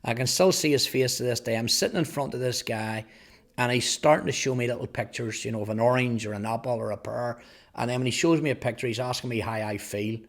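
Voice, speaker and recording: A man in his fifties with a Northern Irish accent, earnestly telling his life testimony, halting at times over repeated words. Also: medium pitch. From Northern Ireland. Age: 50s. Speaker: testimony speaker. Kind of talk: personal testimony storytelling.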